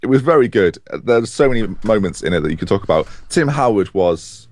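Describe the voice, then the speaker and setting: A man co-hosting a casual football podcast, animated and opinionated. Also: lowish voice, fairly quick. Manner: animated, opinionated, chatty with restarts. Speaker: podcast co-host.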